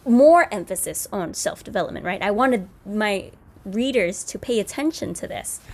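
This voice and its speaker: A woman walks through a screen-recorded coding lesson in an easygoing, conversational way. She pauses on fillers and corrects herself as she goes, and her voice sits at an ordinary middle pitch. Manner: casual, explanatory, with fillers and self-corrections. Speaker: coding tutorial host.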